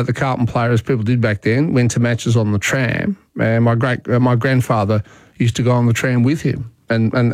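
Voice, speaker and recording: A middle-aged man hosting talkback radio, relaxed and chatty, with many fillers and restarts. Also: medium pitch, no room sound. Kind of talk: casual talkback radio chat. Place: radio studio.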